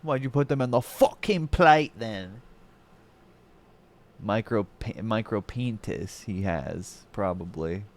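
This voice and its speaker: Laid-back joking male streamer, slow pace. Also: on the low side. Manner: jokey, laughs often, trails into wordplay. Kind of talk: casual reaction stream chat.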